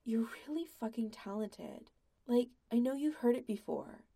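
Woman reading a kind, steady young guy, quiet and reassuring, dark mellow tone. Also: a little high, measured pace, creaky, exaggerated voice. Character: gentle, reassuring young man, a musician.

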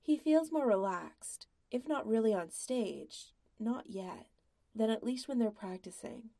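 A woman reading a story aloud in a soft, quiet, intimate way. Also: on the high side, expressive, unhurried, creaky. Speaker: podfic reader. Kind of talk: scripted narration of fan fiction.

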